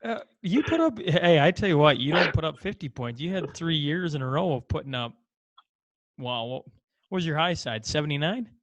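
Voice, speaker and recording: A man hosting a podcast, asking eager, excited questions in casual chat. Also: a little high, moderate pace, no room sound. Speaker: podcast host. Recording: dull lo-fi sound, dry.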